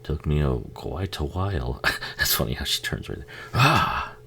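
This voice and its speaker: Very deep gravelly man, loose and profane. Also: normal speed, a bit bright, a little hiss or hum. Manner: rambling, swears a lot, laughs often. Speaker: film commentary host. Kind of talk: casual watch-along commentary.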